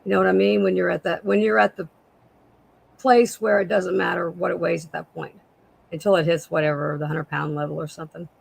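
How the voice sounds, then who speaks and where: A woman with a raspy voice, a guest seller chatting casually on a live sale and describing jewelry pieces. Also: fairly low pitch, level tone, brisk, rough recording.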